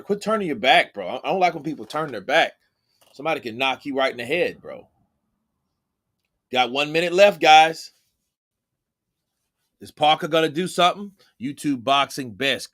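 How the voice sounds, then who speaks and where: A man hosting a casual live-stream boxing commentary, reacting to the fight and reading the chat in quick, excitable bursts. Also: on the high side.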